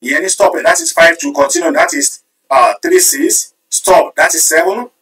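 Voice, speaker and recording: Animated man live-streaming. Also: fairly high pitch, normal speed, recorded from a distance, poor audio. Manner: animated, switching between Yoruba and English, counting votes aloud. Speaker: livestream host. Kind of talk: live-streamed commentary, reading and counting viewer comments.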